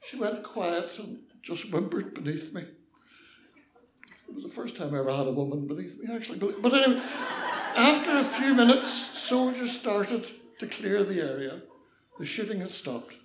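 Older Northern Irish storyteller, roomy sound. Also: male voice, high-pitched, moderate pace, slight background noise. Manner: lively, mischievous, acts out voices. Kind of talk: personal anecdote storytelling.

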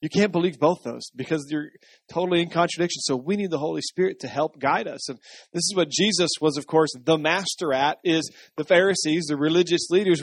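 A man's voice: on the high side, dry recording, clean studio sound. A man preaching a sermon in a conversational style, often checking in with the congregation. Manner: conversational, asks the congregation for responses. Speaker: pastor.

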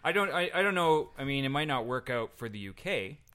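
A man's voice: mid-range voice, animated, a little fast, pushed and bright, clean tone. A Canadian man co-hosting a casual podcast chat, chatty and wry. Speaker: podcast co-host.

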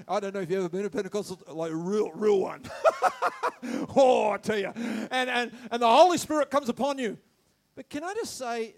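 A man preaching a sermon, animated, shouting some phrases and dropping to quiet asides, stammering when excited. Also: very high-pitched. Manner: animated, swings between loud shouts and quiet asides, laughs often.

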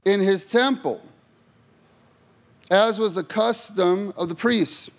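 Male pastor, sermon, high voice, emphatic questions, playful asides. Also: vocal fry. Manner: emphatic, rhetorical call-and-response questions; joking asides to the congregation.

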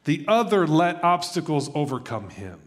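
A man's voice: fairly high pitch, moderate pace. Conversational man preaching a sermon. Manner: conversational, animated, acts out quoted voices. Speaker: pastor.

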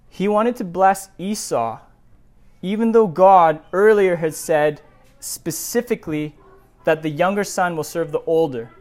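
A pastor preaching a sermon, reading scripture and stressing each word, with rhetorical questions and lists. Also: medium pitch. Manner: emphatic, builds lists of words, asks rhetorical questions.

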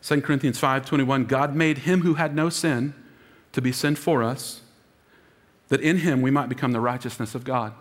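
A man's voice: medium pitch, steady tone, normal speed, in a large hall. A man preaching an Easter sermon as lead pastor, emotional and calling on the congregation to answer back. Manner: emotional, preaching with audience call-and-response.

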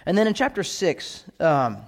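A man's voice: high-pitched, big pitch swings, moderate pace, big-room sound. A man preaching a sermon with emphasis, often checking in with the congregation with "right?". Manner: emphatic, repeatedly asking "right?". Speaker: pastor.

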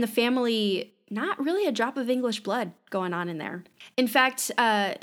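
A woman co-hosting a casual history podcast, explaining at length with many fillers like "you know" and "like". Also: medium pitch. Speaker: podcast co-host.

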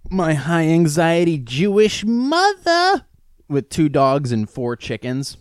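A man's voice: fairly high pitch, sing-song, slow pace, clear, resonant tone, dry recording, clean studio sound. A man hosting his own podcast in a rambling, profane, self-mocking chat, struggling with the hiccups. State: has the hiccups. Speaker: podcast host. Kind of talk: casual solo podcast rant.

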